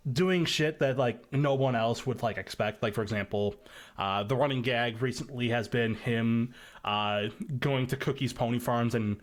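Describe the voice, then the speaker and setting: A young man chatting casually on a podcast, rambling through his thoughts with frequent ums and restarts. His voice sits in an ordinary middle register for a man. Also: medium pitch. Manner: rambling, many fillers and restarts. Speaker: podcast guest, machinima creator.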